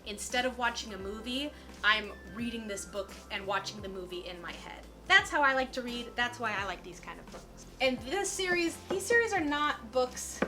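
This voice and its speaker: A woman's voice: a little high, expressive, moderate pace, over music. A woman in her twenties chatting casually as a lifestyle vlogger, bubbly and full of "like". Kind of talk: casual chat.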